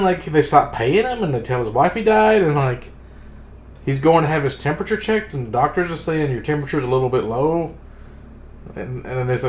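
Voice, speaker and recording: A man's voice: a little high, a little fast. A man in a casual book club chat, retelling scenes in a rambling, profane, exasperated way. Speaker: streamer reviewing a book. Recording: roomy sound with faint ambient noise.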